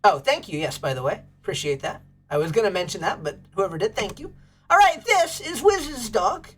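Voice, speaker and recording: A woman's voice: mid-range voice, big pitch swings, normal speed, a bit bright, breathy edge. A woman hosting a casual livestream, bubbly and gushing as she chats with viewers. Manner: bubbly, gushes over pets and thanks chat. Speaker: livestream host.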